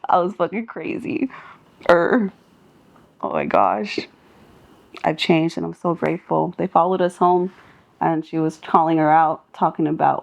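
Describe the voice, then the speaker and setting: A young woman from Southern California spins a wild, profane story in a loose chat, laughing often and jumping into the voices of the people in it. Her pitch swings widely and her speech runs at a steady middle height. The sound is a bit dull and lo-fi. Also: moderate pace, vocal fry, pauses often. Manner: animated, laughing, acts out quotes. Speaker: podcast guest, singer.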